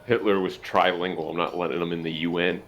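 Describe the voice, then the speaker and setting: A man's voice: sits low, level tone, fast talker, noisy background. A man playing a tabletop game, blunt and joking. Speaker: player.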